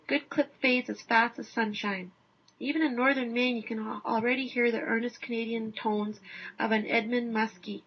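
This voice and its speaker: Woman narrator for a wry personal essay; husky, slightly high, muffled lo-fi sound. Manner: dry, wry understatement. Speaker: essay reader. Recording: dull lo-fi recording.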